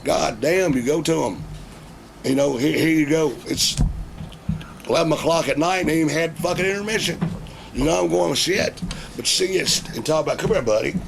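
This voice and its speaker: A middle-aged man, a wrestling veteran telling profane, animated stories in a casual interview. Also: on the high side, brisk, creaky. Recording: noisy background.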